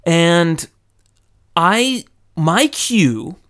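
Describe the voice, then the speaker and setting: Animated man telling a story. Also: a little high, extremely slow. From California. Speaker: YouTuber telling a personal story. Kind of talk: casual storytelling monologue. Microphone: close studio microphone.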